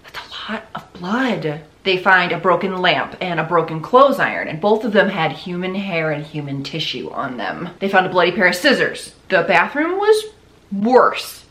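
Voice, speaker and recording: A woman's voice: on the low side, sing-song, normal speed, fairly bright tone, echoey room. A woman hosting a podcast, telling a true-crime story in a casual, blunt and profane way, with incredulous asides. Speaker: podcast host.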